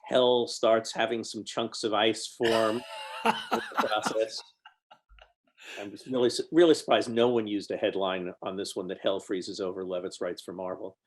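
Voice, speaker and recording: A man's voice: lowish voice, normal speed. An older American man, a guest on an interview, telling anecdotes with dry humor. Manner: wry, storytelling, dry humor.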